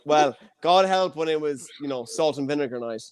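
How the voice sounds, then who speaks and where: A man's voice: a little high, normal speed, clean tone, no echo. A young Irish man hosting an online comedy show over a video call, rambling and cheeky in a self-deprecating stand-up set. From Ireland. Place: home, streamed online.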